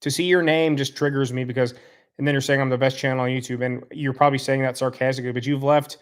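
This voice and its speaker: This fast-talking man has a mid-range voice and a level tone. As a streamer reading his live chat, he says hello to viewers before launching into a rambling, repetitive, heated call-out of one commenter, hurling the same insults again and again.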